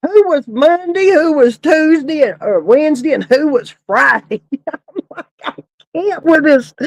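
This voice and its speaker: A woman with a high voice tells a story from her work at a funeral home in a casual way. She keeps breaking into laughter as she goes. The sound is close and dry, with no room around it. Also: lively intonation, unhurried, dry recording, low-quality recording. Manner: laughing often while telling the story.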